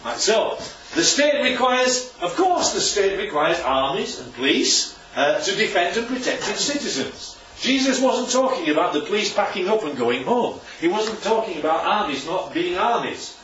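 Heard from afar in an echoey room, a preacher talks at normal speed with few pauses, his a bit bright voice sitting a little high and swinging widely in pitch. His style is loose and chatty, full of rhetorical questions, and the muffled recording carries slight hiss or hum.

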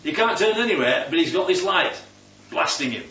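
A man's voice: high voice, animated, a little fast, pushed and bright. A man leading a Bible study, teaching and quizzing the group with questions. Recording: roomy, distant, dull sound.

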